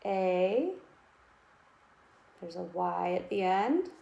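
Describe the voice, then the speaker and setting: A woman teaching a kindergarten writing lesson, sounding out letters slowly and encouraging young children. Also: lowish voice, lively intonation, creaky, warm tone, reverberant, lo-fi sound.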